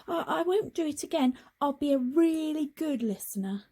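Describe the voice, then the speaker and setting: Woman voicing a high, tearful little boy frog. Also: expressive, normal speed, dark tone. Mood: relieved. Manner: high, tearful and wailing when scared. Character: small excitable young male frog, easily scared.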